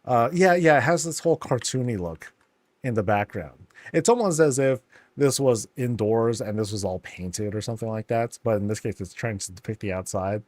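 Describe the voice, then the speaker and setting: A man's voice: medium pitch, lively intonation, moderate pace, a little mellow, no echo. A man casually commenting on a game, telling stories animatedly with slangy asides. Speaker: game streamer.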